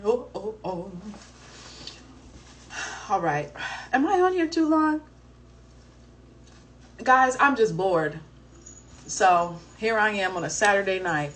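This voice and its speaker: Chatting casually from home, this young live-stream host answers viewer questions and tells an animated story packed with slang, swearing and exclamations. She speaks slowly in a mid-range voice with long pauses, sounding a bit far from the mic, with faint noise in the background.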